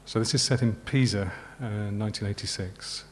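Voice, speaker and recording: A man from Yorkshire, an author reading his novel aloud at a live literary event in a measured, unhurried way. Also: lowish voice, slight background noise. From Yorkshire, England.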